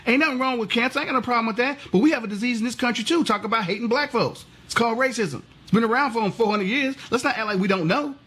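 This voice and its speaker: Heated husky man ranting. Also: extremely high pitch, bright, forceful tone. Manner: heated, profane, rhetorical questions. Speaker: vlogger. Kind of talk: impassioned political rant.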